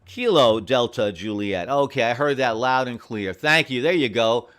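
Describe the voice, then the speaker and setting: Guy on ham radio at home, reads call signs nice and slow, friendly, mid-pitched voice. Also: animated, fairly bright tone. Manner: friendly, repeats call signs slowly and carefully. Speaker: amateur radio operator running a special event station. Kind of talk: on-air radio contacts, reading call signs.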